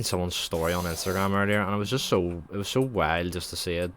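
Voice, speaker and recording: Low-voiced, rambling young man. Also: quick pace, few pauses, a bit bright, a little hiss or hum, low-quality recording. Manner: rambling, sweary storytelling. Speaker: streamer. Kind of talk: casual chat while gaming.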